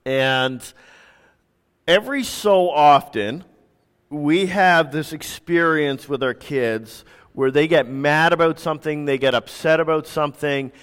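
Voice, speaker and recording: A man in his thirties, a pastor preaching a sermon with relaxed, self-deprecating stories. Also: fairly high pitch, measured pace, clean tone. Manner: conversational, self-deprecating storytelling. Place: church sanctuary. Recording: reverberant church hall.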